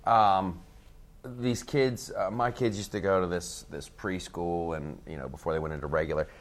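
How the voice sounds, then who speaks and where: Middle-aged comic guy telling stories, acts out the characters, gets loud. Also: sits low, fairly even intonation, moderate pace. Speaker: comedian guest. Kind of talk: casual podcast chat.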